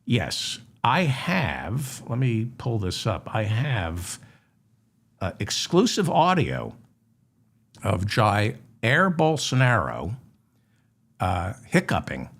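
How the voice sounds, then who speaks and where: A man hosting a satirical news monologue, deadpan and mock-serious, breaking into indignant outbursts. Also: lowish voice, extremely slow, vocal fry, husky. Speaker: comedy news host.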